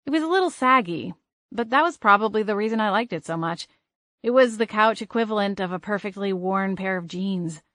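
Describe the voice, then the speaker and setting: Expressive woman narrating an audiobook, dry. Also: mid-range voice, no room sound. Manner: expressive, brisk character reading.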